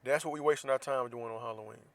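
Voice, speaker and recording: A man's voice: mid-range voice, fast talker, no room sound. Florida guy doing his podcast rant, blunt and heated, swears a lot. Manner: blunt, heated, profane ranting. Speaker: podcast host. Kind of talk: casual opinion monologue.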